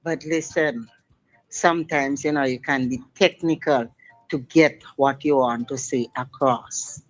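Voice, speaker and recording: A woman's voice: extremely low pitch, steady tone, a little slow, soft background music, low-quality recording. A middle-aged woman calling in to a radio show, talking in long, emphatic, impassioned sentences over the phone. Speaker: radio caller. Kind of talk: call-in radio talk.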